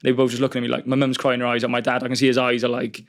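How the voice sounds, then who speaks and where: A young man from Wales, a rugby player, telling stories in a casual podcast chat with lots of fillers and the odd swear. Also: medium pitch. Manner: quick, animated storytelling with fillers and swearing. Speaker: professional rugby player, guest.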